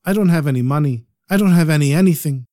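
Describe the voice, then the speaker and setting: A man putting on a shrill, very old woman. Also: fast talker, mellow, dry recording, clean studio sound, lightly acted. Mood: protesting. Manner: shrill, protesting, scolding. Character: very old poor freezing Jewish woman.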